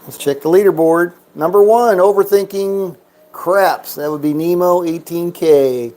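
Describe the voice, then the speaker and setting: A man's voice: sits high, measured pace, warm tone. A man giving casual, joking commentary while playing a craps game, chatting to himself and counting bets and chips aloud.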